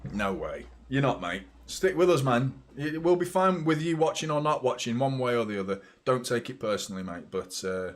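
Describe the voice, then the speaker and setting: A middle-aged man talks through a live match as host of a watchalong. He chats to his viewers, swears freely and breaks off to react loudly to the play. His voice sits at an ordinary pitch for a man. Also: big pitch swings, moderate pace, few pauses, a little hiss or hum.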